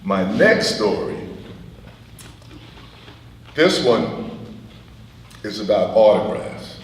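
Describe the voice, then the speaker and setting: A middle-aged man giving a guest speech at an event, telling anecdotes in a lively way and chuckling often. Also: on the low side, extremely slow. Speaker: guest speaker. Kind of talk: storytelling speech. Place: event hall. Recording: echoey hall, voice from far off.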